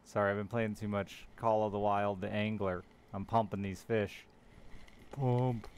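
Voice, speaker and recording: A young man with a lowish voice chats over a live game stream. He is sardonic and teasing, swears freely, and riffs with his chat, with a faint hum of noise behind him. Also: fairly even intonation, a little slow, darkish tone. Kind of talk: casual gaming stream chat.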